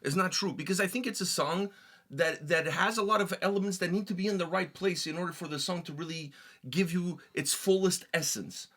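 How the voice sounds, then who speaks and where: A man with a somewhat high voice chats casually about a music video he just watched. He is animated, repeats himself and leans on fillers. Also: brisk. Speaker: reaction channel co-host. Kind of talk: casual reaction chat.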